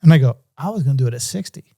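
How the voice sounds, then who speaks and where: A man's voice: medium pitch, expressive, very fast, gravelly, dark tone. A middle-aged man and music producer telling a story in an interview, acting out phone calls in different voices.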